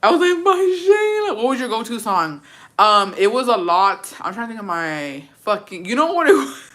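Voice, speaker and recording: A young woman chatting to camera in storytime mode, her voice bright and edged. She talks brashly and dramatically, swears freely and slips into Spanish now and then. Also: mid-range voice, expressive, normal speed. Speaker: vlogger. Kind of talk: casual storytime chat.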